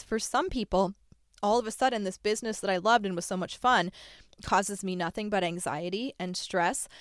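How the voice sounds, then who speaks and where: A young adult woman talks straight into a close mic in a dry, deadened room, hosting her own podcast. Her delivery is chatty and candid, with quick self-deprecating asides. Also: medium pitch, no echo. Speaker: podcast host. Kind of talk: solo podcast monologue.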